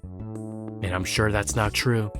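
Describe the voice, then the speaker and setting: A man's voice: fairly low pitch, steady tone, slow pace, music in the background. A man voicing a strict, worried mother who lectures her daughter. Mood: stern. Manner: stern, lecturing.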